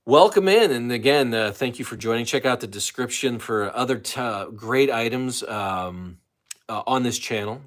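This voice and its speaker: Male livestream host, lowish voice, loose self-interrupting casual chat. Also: a bit bright. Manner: loose, self-interrupting, chatty with many fillers.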